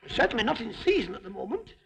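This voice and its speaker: A woman with a high, lively voice that leaps up and down, playing a comic stage routine. She talks to a teddy bear as if it were a child, coaxing and fussing over it, and laughs often. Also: fast, vocal fry, a crowd in the background. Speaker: comic entertainer.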